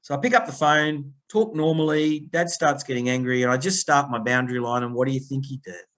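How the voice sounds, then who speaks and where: A middle-aged Australian man with a medium-pitched voice speaks fairly quickly as a guest on a conversational podcast interview. He's a people-pleasing coach who tells stories with animated energy, acting out the other voices, including quotes from phone calls.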